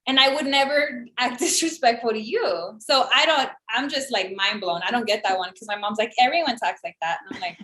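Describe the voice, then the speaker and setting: Podcast co-host, woman in her 30s, high-ish voice, sarcastic storyteller, roomy echo. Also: a little fast, hardly any pauses. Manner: animated storytelling, acts out quoted voices, sarcastic. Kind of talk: casual chat. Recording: echoey room.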